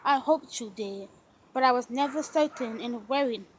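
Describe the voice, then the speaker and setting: A woman reading aloud, voicing a lovestruck gentleman husband in a soft, murmuring, lowered voice for a storybook. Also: moderate pace, slight background noise, low-quality recording. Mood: tender.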